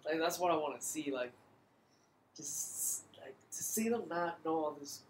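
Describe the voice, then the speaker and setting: Young-sounding podcast dude, kinda high voice, swears a lot, laughs a ton, echoey room. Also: male voice, expressive, measured pace. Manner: slangy, laughs often, swears freely. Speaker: podcast co-host. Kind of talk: casual chat. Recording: echoey room with faint noise.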